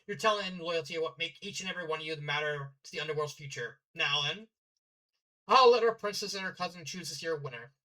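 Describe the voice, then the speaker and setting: Guy doing a queen giving a formal speech, kinda bright voice. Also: fairly high pitch, expressive, fast, low-quality recording. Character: stately queen mother addressing a crowd. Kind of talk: fanfiction reading.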